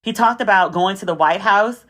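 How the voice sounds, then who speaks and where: A young adult woman hosts her podcast in a casual, chatty way, running through stories with plenty of asides. Her voice sits at a middle pitch, and she jumps higher whenever she acts out what someone else said. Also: moderate pace, a bit bright. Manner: chatty storytelling, acting out quotes with a raised pitch. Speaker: podcast host. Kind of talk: casual chat.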